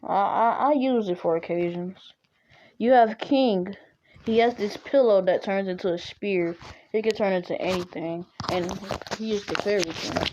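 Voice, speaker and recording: A woman's voice: mid-range voice, normal speed, warm tone, a little hiss or hum, rough recording. A young woman casually retelling a fan-made story, rambling with lots of fillers and self-corrections.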